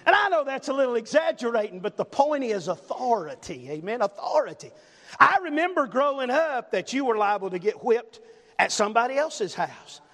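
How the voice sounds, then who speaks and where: This older pastor's voice is very high and a bit bright, swinging widely in pitch at a moderate pace. He preaches emphatically and repetitively, dotting his sermon with "amen?" Long reverb from the church sanctuary fills the recording, as in a large hall.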